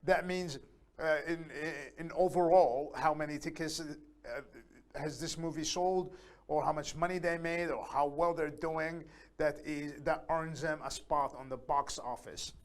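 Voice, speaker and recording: A man teaching a beginners' English lesson, speaking slowly and deliberately, repeating key phrases with many pauses and fillers. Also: fairly high pitch, fairly even intonation. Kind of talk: live online English lesson.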